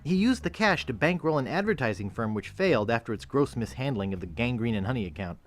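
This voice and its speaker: A man voicing the dry, deadpan narration of a video game. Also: medium pitch, fast, close to an everyday voice.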